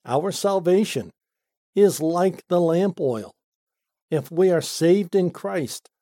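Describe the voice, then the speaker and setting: A man reads a scripture commentary aloud in an unhurried, deliberate way. His voice is soft and mellow, recorded dry and close with no room sound. He stresses key words one at a time, pushing his pitch up on each. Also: no room sound. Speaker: Bible teacher. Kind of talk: read-aloud Bible study commentary.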